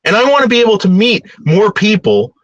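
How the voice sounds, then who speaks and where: A man's voice: high voice, very animated, a little fast, no echo, lo-fi sound. A man talking casually in a rambling monologue, repeating words and growing heated.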